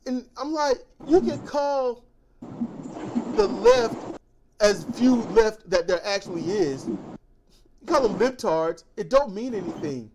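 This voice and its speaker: A woman's voice: mid-range voice, sing-song, slow, long pauses, noisy background. A woman in casual political discussion, ranting with animation and mimicking others.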